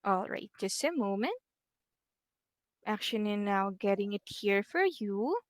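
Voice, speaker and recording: A patient, encouraging teacher gives a private online English class, repeating words slowly for her student and talking through her on-screen actions with little fillers. Her mid-range voice is animated, and there's no echo.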